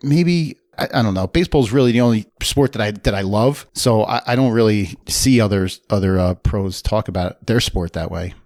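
A man's voice: lowish voice, moderate pace, hardly any pauses, darkish tone, no room sound, clean studio sound. A middle-aged man from New Jersey chatting casually on a podcast, rambling with many restarts and fillers. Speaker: podcast guest. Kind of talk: casual chat.

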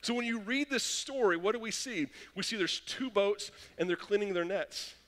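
A young adult man preaching a sermon, telling stories and acting out quotes with lively animation. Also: high-pitched, normal speed. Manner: animated storytelling with acted-out quotes. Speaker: pastor. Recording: long hall reverb.

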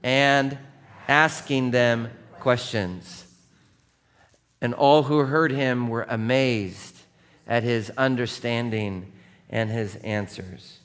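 A man's voice: medium pitch, fairly even intonation, slow. A male pastor preaching a sermon in a conversational way, often checking in with the congregation and acting out scripture scenes. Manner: conversational, checks in with "right?" and "okay?"; acts out scripture scenes with voiced quotes.

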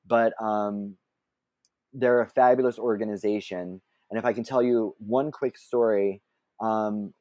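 A man's voice: fairly low pitch, mellow, dry recording, muffled recording. A man telling a long personal story as an interview guest, chatty and self-deprecating, laughing often and breaking off into asides. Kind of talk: casual anecdotal storytelling.

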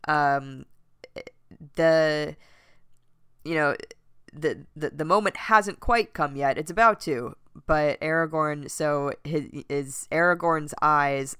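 A woman's voice: low-pitched, a bit bright, clean tone, no echo, studio quality. A woman co-hosting a casual book podcast, speaking thoughtfully with plenty of fillers. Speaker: podcast co-host. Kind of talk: casual book discussion chat.

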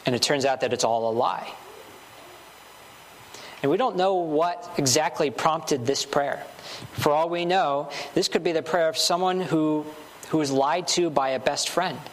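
Preacher, male, slightly high voice, earnest repetitive sermon delivery, faint background hiss. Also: a little slow. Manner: earnest, building emphasis with short repeated phrases.

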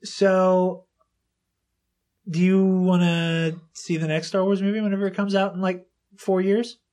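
A woman's voice: lowish voice, flat delivery, unhurried, dark tone. A woman hosting a podcast in casual chat, chatty, laughing often and restarting her sentences. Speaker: podcast host. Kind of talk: casual chat interviewing a child guest.

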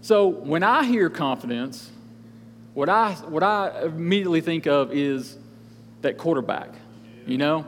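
A young man preaches in a loose, joking, conversational way, stirring up energy in the congregation. His voice sits high. The sound carries the long reverb of a church hall with a faint hum underneath. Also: animated, unhurried, fairly bright tone. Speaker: guest speaker at church. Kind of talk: casual sermon. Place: church sanctuary.

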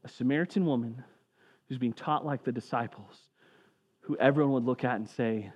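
A man preaching a sermon in a relaxed, conversational way, sinking low and quiet when he reads scripture aloud. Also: normal speed, slightly rough. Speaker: pastor.

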